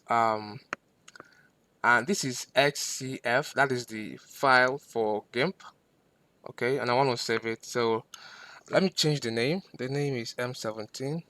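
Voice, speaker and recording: A male instructor with a mid-range voice teaches a screen-recorded software lesson, patient and step by step. He repeats himself and uses fillers, and the recording is dry.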